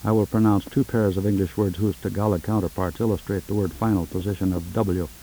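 A man with a low, very dark and mellow voice reads out a formal phonetics lesson in a measured, precise manner. He prompts an informant word by word, and it sounds like an old 1970s tape recording. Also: steady tone, slight background noise, poor audio. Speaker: linguist recording a language informant. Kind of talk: formal scripted phonetics demonstration.

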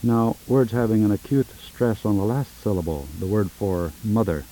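A man speaking in a measured, precise way while leading a formal phonetic session, on an old 1970s tape recording. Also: on the low side, warm tone, low-quality recording. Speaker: linguist interviewer.

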